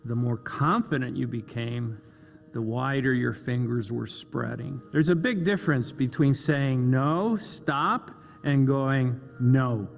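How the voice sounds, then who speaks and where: A man giving a motivational talk about confident communication, speaking deliberately and acting out example voices. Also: medium pitch, vocal fry, long reverb tail.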